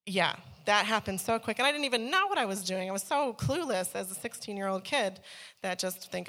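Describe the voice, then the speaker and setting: A woman giving a candid, animated personal testimony, laughing often and climbing high when she gets excited. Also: a little fast. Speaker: speaker sharing her life story. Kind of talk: personal testimony to a church audience.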